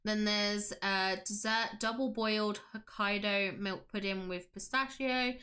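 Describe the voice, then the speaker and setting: A woman's voice: medium pitch, steady tone, unhurried, pushed and bright. A woman hosting a casual livestream, gushing with enthusiasm and reading chat aloud. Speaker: livestream host.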